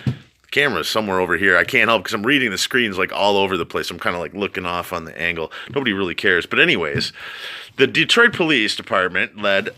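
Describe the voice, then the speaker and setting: A man's voice: deep voice, lively intonation, fast talker, pushed and bright. A man vlogging as he reads out a news story, with rambling asides and frequent laughter. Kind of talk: casual commentary on a read-aloud story.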